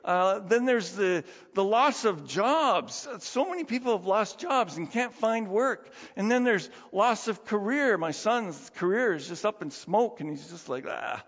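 Middle-aged male pastor, lively conversational sermon, fairly high voice, dull reverberant hall sound. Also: measured pace, hardly any pauses. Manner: animated, conversational, with laughs and rhetorical questions.

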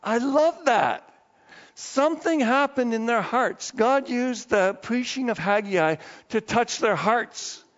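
A male pastor delivers a slow sermon in a church sanctuary, shifting from hushed asides to excited outbursts in a lively, conversational manner. Long hall reverb and a muffled, dull sound mark the recording.

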